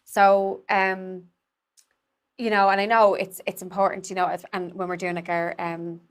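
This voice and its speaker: A woman's voice: mid-range voice, level tone, normal speed. A young woman with a Dublin accent, an Irish theatre maker chatting casually and rambling with many fillers. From Ireland. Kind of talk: casual conversation.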